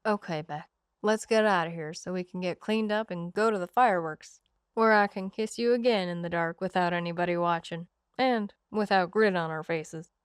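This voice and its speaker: A woman voicing a young man who is a tender, teasing old friend, speaking quietly and softly in a storybook reading. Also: fairly low pitch, normal speed, clear, resonant tone, no echo, studio quality, close to an everyday voice.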